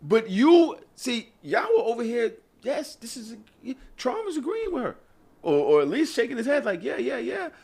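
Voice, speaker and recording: This podcast co-host has an extremely high-pitched voice with a creaky, breathy edge, and he talks at a moderate pace. In casual chat he rants, animated and exasperated, swearing and firing off fed-up questions.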